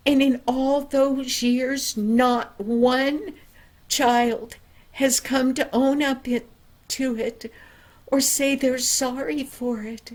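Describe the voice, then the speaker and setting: A kindly old neighbor woman in a storybook, gracious and warmly emphatic, in a raised, slightly higher voice, as a grandmother puts her on. She speaks slowly and pleasantly, savoring every word. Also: fairly even intonation.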